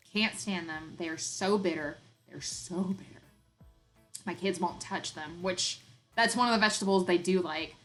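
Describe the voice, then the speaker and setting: A woman with a light Southern Arkansas accent hosting a casual homesteading live-stream chat. She rambles, laughs often and fills pauses with ums. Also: on the low side, fairly bright tone, poor audio. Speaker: homesteading channel host.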